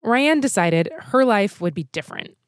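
A woman hosting a podcast, telling a true story in scripted documentary narration with a measured storytelling manner. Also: medium pitch, expressive, clear, resonant tone, no echo, clean studio sound.

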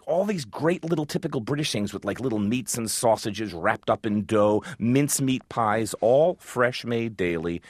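A man with a low voice talks in a lively, rambling way, piling up restarts as his enthusiasm runs ahead of him. The sound is dry and close, like a radio studio line. He keeps it casual and chatty. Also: no room sound. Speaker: food radio host as guest.

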